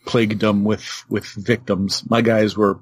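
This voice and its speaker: A man co-hosting a podcast, chatting about a tabletop wargame with wry, deadpan humor. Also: fairly low pitch, unhurried, slightly rough. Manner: wry, joking, deadpan teasing. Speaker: podcast co-host.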